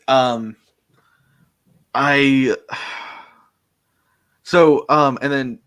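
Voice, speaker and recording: A man's voice: medium pitch, fairly bright tone. Rambling voice actor man, full of fillers. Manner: rambling, full of fillers and restarts, laughs often. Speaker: voice actor guest. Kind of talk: casual interview chat.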